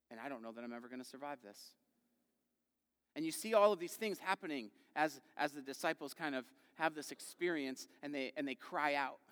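A man preaching a sermon in a conversational way, asking the congregation questions and acting out quoted voices with big swings in loudness. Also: medium pitch. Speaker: pastor. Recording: long hall reverb.

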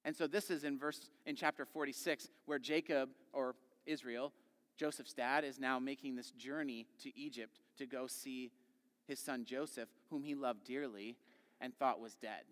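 A man's voice: mid-range voice, steady tone, moderate pace, fairly bright tone. A man preaching a sermon in a conversational, emphatic way, often checking in with his listeners by asking "right?". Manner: conversational, emphatic, with tag questions. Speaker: pastor. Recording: long hall reverb.

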